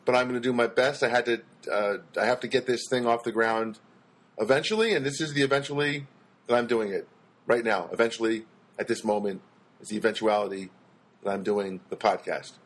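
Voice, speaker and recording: A man talks alone into a podcast mic in a loose, wandering comic monologue. He hesitates constantly with ums and restarts, then drops dry self-mocking asides. His voice sits at an ordinary middle pitch. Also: brisk. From United States. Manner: meandering, self-deprecating, full of ums and restarts. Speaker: podcast host and stand-up comedian.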